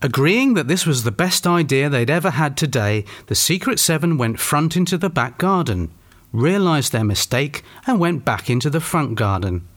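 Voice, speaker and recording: A man's voice: on the high side, expressive, moderate pace. A man hosting a comedy show with dry, teasing asides, also narrating a mock children's story.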